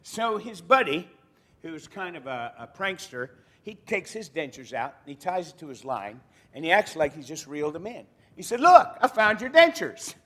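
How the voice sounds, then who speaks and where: A man's voice: a little high, lively intonation, moderate pace, bright, forceful tone. Folksy man telling fish jokes live. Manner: folksy, joking. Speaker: storyteller and singer. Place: retirement center.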